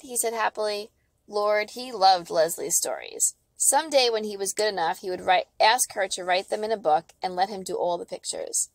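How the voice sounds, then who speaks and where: A woman reads a children's novel aloud, bringing the dialogue to life with an expressive, animated delivery. Her voice has a slight gravelly fry at the ends of phrases. The recording is dry and close, with no room sound. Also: medium pitch, no echo. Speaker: audiobook reader. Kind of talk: storybook read-aloud.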